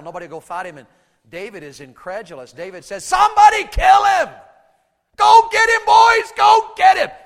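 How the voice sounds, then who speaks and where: A man preaching a sermon to a congregation. He drops to hushed asides, shouts out acted battle cries, and keeps asking the crowd to answer him. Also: high voice, long reverb tail. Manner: calls out to the congregation for responses.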